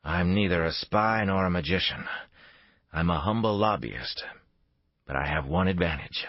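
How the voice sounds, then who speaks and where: A man voicing a calm, persuasive male lobbyist in an audiobook thriller, speaking in a measured, husky voice. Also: low voice, dry recording, dull audio.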